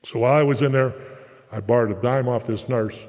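A man's voice: mid-range voice, brisk, a little mellow. An older man from the Pittsburgh area giving a blunt, plain-spoken recovery testimony, often tagging his lines with "okay?". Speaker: recovery meeting speaker. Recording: echoey hall, dull lo-fi sound.

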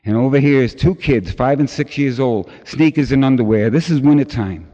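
A middle-aged man tells a personal recovery story in an animated way, putting on the voices of the people in it. The recording is dull and lo-fi, and his voice rings through a large hall with a long reverb. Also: medium pitch, moderate pace. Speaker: recovery meeting speaker.

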